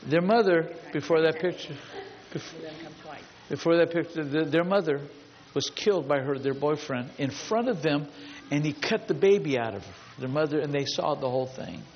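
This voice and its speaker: Pastor guy preaching, punchy repeat-everything style, kinda high voice, faint noise behind. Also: moderate pace. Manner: emphatic, builds long repetitive lists. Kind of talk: storytelling sermon. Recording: dull lo-fi sound with long hall reverb.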